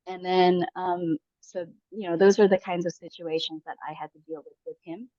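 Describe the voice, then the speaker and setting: Low-voiced woman telling a story. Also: steady tone, normal speed, hardly any pauses, dry recording. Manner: rambling, many fillers and restarts. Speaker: podcast guest. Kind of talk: casual conversational storytelling. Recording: dull lo-fi audio.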